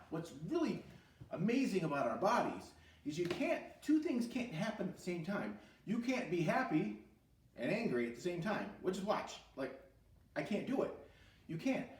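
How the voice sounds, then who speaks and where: A man teaching an e-learning music therapy lesson for children, animated, asking questions and answering them himself, now and then singing short lines. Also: sits high, normal speed, roomy sound, recorded from a distance.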